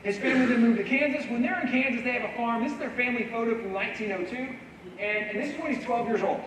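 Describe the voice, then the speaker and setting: A man's voice: extremely high pitch, fast, fairly bright tone, slight background noise. A man speaking as a guest preacher in a church, telling a story in a casual, conversational way with frequent "like" and "right?" asides.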